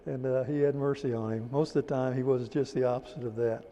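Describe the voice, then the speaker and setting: A man teaching a church teacher-training class, repeating key terms slowly for notes and adding folksy "amen" asides. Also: mid-range voice, fairly even intonation, warm tone, long reverb tail. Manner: folksy, drops in "amen" and "praise the Lord".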